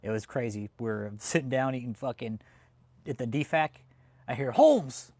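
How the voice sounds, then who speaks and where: A man hosting a profane live-stream rant, his voice sitting in a middling register. He talks heatedly and swears constantly, with sudden loud outbursts. The sound is close and dry, with no room around it. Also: mid-range voice, normal speed, dry recording. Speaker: livestream host reading chat. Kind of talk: profane ranting live commentary.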